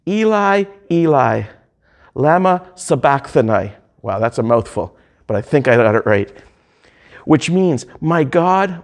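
A man preaching a sermon, reading hymn lyrics and scripture aloud in slow, drawn-out phrases. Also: mid-range voice.

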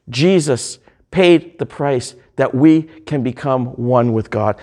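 A man preaching a sermon, reading hymn lyrics and scripture aloud in slow, drawn-out phrases. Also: mid-range voice, a little mellow.

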